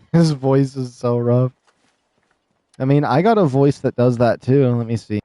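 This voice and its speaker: A man's voice: medium pitch, slow pace, mellow, no room sound, studio quality. A man streaming a video game live, chatting casually and rambling, often laughing, on a desk microphone. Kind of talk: casual live gameplay commentary.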